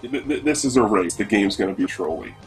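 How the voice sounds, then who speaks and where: A man's voice: lowish voice, animated, brisk, low-quality recording. Male co-commentator from the northeastern US, rambling delivery, faint background music. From Northeast United States. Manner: rambling, many fillers and restarts. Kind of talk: casual speedrun commentary.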